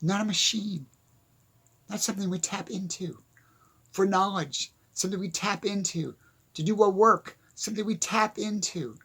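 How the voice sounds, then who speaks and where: Tired gravelly man, earnest monologue. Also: high-pitched, bright, forceful tone. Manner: halting, repeats phrases, restarts often. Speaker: speaker on philosophy.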